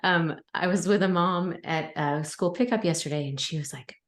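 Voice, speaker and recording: A woman's voice: on the low side, normal speed. A woman who is a parent, hosting a podcast in a chatty, casual way, laughing often and telling anecdotes with quoted dialogue. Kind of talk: casual conversational interview.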